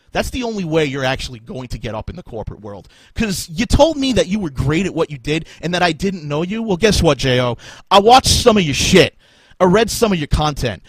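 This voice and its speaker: A man rants on his podcast with biting sarcasm and constant swearing. His pitch swings widely and his voice is a little husky. The sound is dry, with little room echo. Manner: angry, sarcastic, swearing, laughing. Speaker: podcast host. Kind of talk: profane rant on a live podcast.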